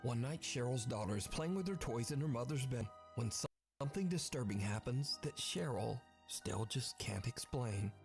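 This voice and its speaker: A man narrating a scripted story in a measured, suspenseful way. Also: mid-range voice, expressive, over music. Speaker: documentary narrator.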